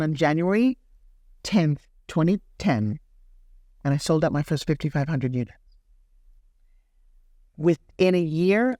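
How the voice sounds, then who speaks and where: A woman's voice: sits low, no room sound. Storytelling woman, dry close sound. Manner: acts out quoted dialogue in lively voices. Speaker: guest entrepreneur. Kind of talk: animated storytelling interview.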